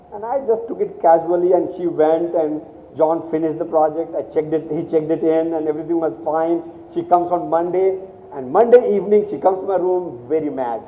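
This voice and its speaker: A middle-aged man from India giving a storytelling talk to students, restarting his sentences often. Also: a little high. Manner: storytelling with quoted dialogue, many restarts. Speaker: guest speaker. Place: college hall. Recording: tinny, echoey hall sound.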